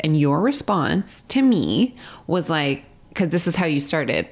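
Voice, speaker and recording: A woman with a notably low-pitched voice chats casually as a podcast co-host. She is frank and self-deprecating, with casual swearing. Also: expressive, normal speed. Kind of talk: casual chat.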